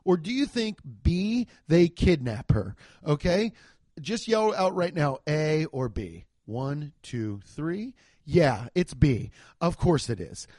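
A man's voice: a little high, sing-song, slow pace, a little mellow, no room sound, clean studio sound. A young man giving a profane, exasperated comedic rant reviewing a movie.

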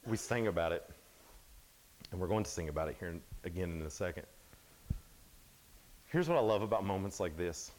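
A young adult man giving a casual, animated sermon at a youth camp, sometimes dropping to a hush. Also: low-pitched, a little fast, long pauses, slight background noise. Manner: casual, animated storytelling, drops to hushed tones.

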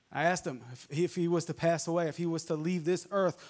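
A male preacher with a softened New York accent, delivering a fervent sermon full of amens and hallelujahs. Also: fairly high pitch, steady tone, brisk, few pauses. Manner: fervent, peppered with amens and laughs.

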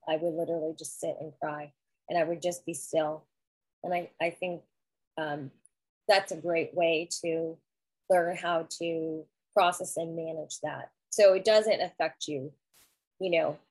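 A woman's voice: fairly low pitch, husky, dry recording, low-quality recording. A middle-aged woman talking earnestly and reflectively in a casual conversation, with frequent restarts. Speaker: guest sharing grief experience.

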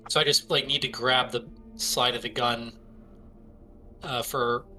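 A man's voice: medium pitch, fairly even intonation, unhurried, sharp tone, faint music behind. A man playing a tabletop game, casually laying out his character's plan in detail. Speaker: player.

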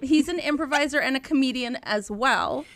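A woman hosting a casual chat, telling stories in a quick, animated way. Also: high voice. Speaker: podcast host.

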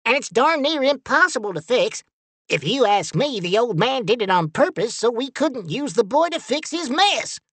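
Field: a shrill, fussy robot. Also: male voice, big pitch swings, normal speed, a bit bright, dry recording, heavily acted. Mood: indignant. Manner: shrill, indignant, scolding. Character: shrill, fussy male robot Time Ranger. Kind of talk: storybook character voice.

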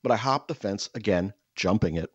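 A man telling a self-mocking comic story in casual chat, animated and swearing freely. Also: on the low side, a little fast, husky, no echo, muffled recording.

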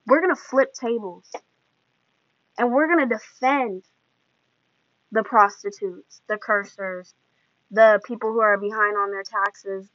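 A woman's voice: mid-range voice, a bit bright, dry recording. A woman hosting a podcast, giving an earnest, emotional devotional talk in a preaching manner. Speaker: podcast host. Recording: dull lo-fi dry sound.

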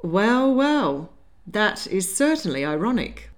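A poised, worldly grandmother who meets every alarm with dry amusement. A woman acts her out in an audiobook reading. Her lively voice moves up and down, never in a rush. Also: medium pitch, slow pace. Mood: amused.

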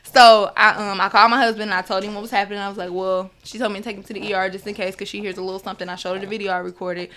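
A young woman recounts a personal story with a bright, forceful voice. She slips in and out of quoting the people involved, acting out their words as she goes. Her voice sits at an ordinary middle pitch for a woman. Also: racing, hardly any pauses. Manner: animated, acts out others' words in quotes. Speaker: guest.

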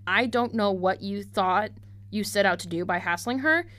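A young woman hosts a casual podcast in a mid-range, slightly bright voice. She reads online posts aloud and reacts to them bluntly and sarcastically, swearing freely.

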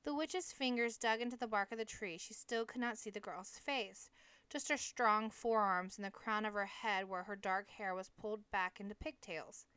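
A woman narrating a novel as an audiobook in a steady, measured reading. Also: mid-range voice, clean tone, no room sound. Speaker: audiobook reader.

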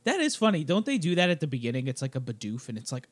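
A man co-hosting a casual podcast chat while a little sick, clearing his throat, explaining things wryly with lots of fillers. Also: mid-range voice, sing-song, very fast, no echo. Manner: chatty, wry, explains game at length with many fillers. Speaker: podcast co-host.

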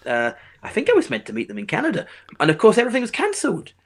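A man's voice: sits high, huge pitch swings, very fast. Rambling chatty man musician. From England. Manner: rambling, many restarts and fillers. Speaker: musician guest. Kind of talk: casual interview chat.

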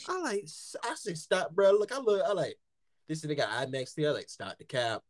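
Young US guy, slightly high voice, dry close sound, rowdy laughing storyteller. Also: fairly quick, no room sound. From United States. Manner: animated, profane storytelling with frequent laughter. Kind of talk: casual chat.

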